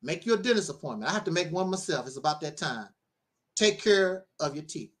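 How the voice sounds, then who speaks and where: A man's voice: a little high, brisk. A middle-aged man, a minister, giving a casual spoken monologue, telling stories with frequent laughter and preachy asides. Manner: animated storyteller, laughs often, preachy asides.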